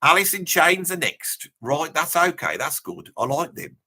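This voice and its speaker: With a fairly high, sing-song voice that's bright, forceful and slightly rough, a middle-aged man from Birmingham, England, speaks at a measured pace in his local accent. He's a guest on a live reaction stream, going through viewer comments with rambling jokes and mock boasts.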